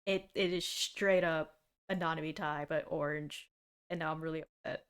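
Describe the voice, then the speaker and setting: A woman's voice: low voice, moderate pace, clean tone. Laughing, sarcastic young woman streamer. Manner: animated, laughs a lot, sarcastic. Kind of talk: casual reaction stream.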